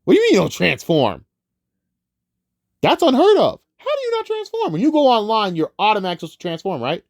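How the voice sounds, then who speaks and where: Man impersonating ancient robot elder, confused, sputtering, swooping pitch, dry sound. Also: very animated, slow pace, gravelly, no room sound, full character voice. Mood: baffled. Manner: baffled, sputtering questions.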